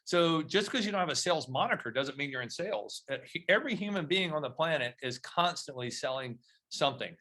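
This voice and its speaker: A middle-aged man appears as a podcast interview guest, his bright, forward voice sitting a little high and moving a little fast. He tells stories energetically, growing animated and mimicking other people's voices when he quotes their dialogue.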